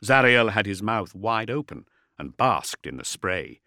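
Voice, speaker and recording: A male narrator reads with a dramatic, expressive delivery. His tone is bright and forceful. The recording is dry and close, with no room sound. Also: fairly low pitch, unhurried, dry recording. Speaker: audiobook narrator. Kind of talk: scripted narration.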